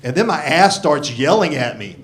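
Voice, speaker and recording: A man's voice: on the high side, very animated, moderate pace, a little hiss or hum. A man in his sixties doing a crude, self-mocking stand-up set on a club stage, swearing freely into a handheld mic. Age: 60s. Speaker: stand-up comedian. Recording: live club audio with crowd laughter. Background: audience laughing.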